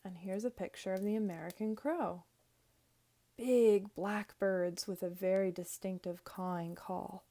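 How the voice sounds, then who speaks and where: A young adult woman teacher reading a picture book aloud to young children, in a clear and expressive storytelling voice. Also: mid-range voice, a little slow.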